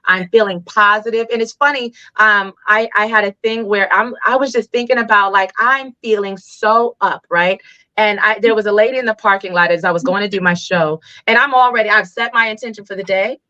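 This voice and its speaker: An animated woman in casual interview talk, her voice bright and forceful. She tells stories with lively acted-out quotes. The recording sounds slightly dull and lo-fi. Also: medium pitch, brisk. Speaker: Reiki healer guest.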